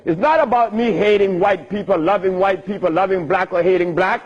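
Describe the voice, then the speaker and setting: A man with a high, breathy voice talks briskly as the speaker at a Q&A event. His storytelling is emphatic and punctuated by chuckles during asides, and the recording sounds dull and lo-fi.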